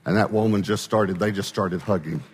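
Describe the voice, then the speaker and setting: Brief: male preacher, relaxed conversational sermon, deep-ish voice, big-room reverb. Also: brisk, slight background noise. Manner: conversational, checks in with the crowd often. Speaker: pastor. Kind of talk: sermon storytelling.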